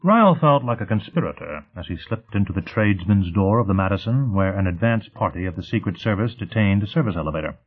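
A man reads an audiobook in a husky, fairly low voice. His pitch moves in a lively way, but the sound stays thin and phone-like. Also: fast, few pauses. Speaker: narrator. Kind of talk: audiobook narration.

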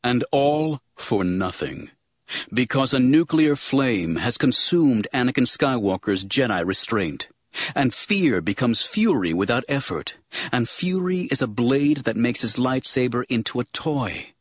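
A man giving dramatic, expressive audiobook narration. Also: medium pitch, a little slow, breathy edge, no echo. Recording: dull recording with music underneath.

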